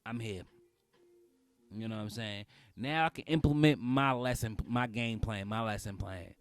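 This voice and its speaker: A man, talking as a podcast host in a comedic, casual monologue, repeating phrases and breaking into loud outbursts. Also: fairly low pitch, normal speed, no room sound, faint music behind.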